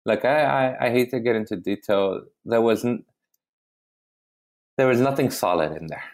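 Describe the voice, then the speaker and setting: A male comedian telling a story in a casual chat, animated and full of swearing, often restarting his sentences. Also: fairly low pitch, moderate pace. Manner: animated, profane, keeps restarting. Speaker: comedian guest.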